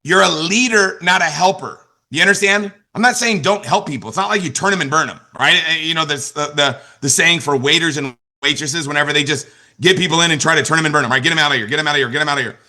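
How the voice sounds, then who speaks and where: Forceful, emphatic man coaching a sales team. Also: on the high side, fast talker. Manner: emphatic, repeats key lines, asks "you understand?". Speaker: network marketing trainer. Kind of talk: motivational business training talk.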